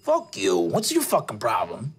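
A performer voicing a blunt, profane older man in a tabletop game, low and dismissive. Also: huge pitch swings, moderate pace, a little hiss or hum. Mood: hostile. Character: gruff older man, profane, short-tempered shopper.

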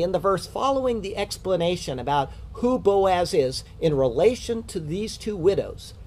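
A man giving a verse-by-verse Bible study, explaining the text in a measured teaching manner with rhetorical questions. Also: on the high side, a little mellow, slightly rough.

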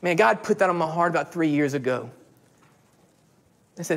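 Pastor guy in his 30s preaching, higher pitched voice, acts out little bits of dialogue. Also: normal speed, creaky, pauses often. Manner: animated preaching with quoted dialogue. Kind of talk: sermon. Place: church sanctuary.

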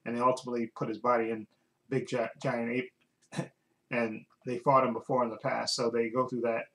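A man's voice: medium pitch, little pitch movement, normal speed, a bit bright, rough recording. A man casually recapping a TV episode as a reviewer, rambling and often restarting while he searches for words.

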